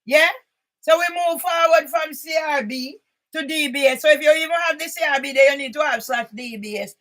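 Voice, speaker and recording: An older woman with a high-pitched voice reads documents aloud to her channel. She cuts in with indignant comments and often bursts into shouting. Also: brisk, low-quality recording. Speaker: channel host.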